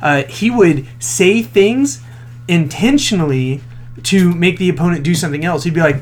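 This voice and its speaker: A man co-hosting a casual podcast chat, telling lively stories and slipping into quick impressions of people. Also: high voice. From Florida. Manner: animated storyteller, slips into impressions of people. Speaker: podcast co-host.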